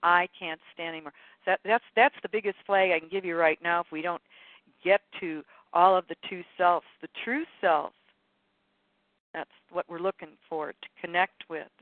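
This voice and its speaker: A woman's voice: on the low side, fairly even intonation, moderate pace, dry recording, phone-quality sound. A woman leading a spiritual teaching session over a group call, talking in a meandering, chatty way and often correcting herself. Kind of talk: live spiritual teaching talk to callers.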